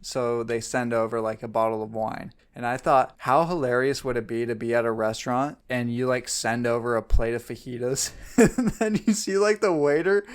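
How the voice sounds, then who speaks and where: A man's voice: mid-range voice, normal speed, few pauses, smooth. Young male co-host, mid-range voice, jokey, steers the talk. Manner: joking, wraps up segments like a host. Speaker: podcast co-host. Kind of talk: casual chat.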